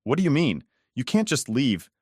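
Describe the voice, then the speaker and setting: Brief: a man doing a desperate wife, higher voice, shaky and pleading, close and dry. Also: huge pitch swings, moderate pace, darkish tone, slightly rough, no echo. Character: cornered cheating wife, adult woman, defensive and pleading.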